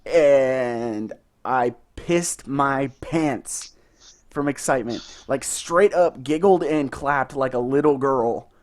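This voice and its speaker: A young man co-hosting a podcast, telling stories in a casual, excited and profane way. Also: mid-range voice, slow pace. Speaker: podcast co-host. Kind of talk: casual chat.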